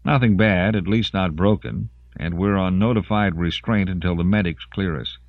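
A man's voice: low-pitched, moderate pace, no room sound, narrow, tinny audio. A man doing a shaken, matter-of-fact corporal. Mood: terse. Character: shaken male corporal, reporting.

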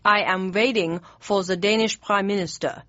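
A woman's voice: mid-range voice, fairly even intonation, sharp tone, no echo, close to an everyday voice. A woman voicing a pompous, hot-tempered old male German chancellor with stiff, jumbled formal speech in an audiobook. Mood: pompous, blustering. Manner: slow, heavy, deliberate delivery. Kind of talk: audiobook character voice. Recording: dry, slightly dull studio read.

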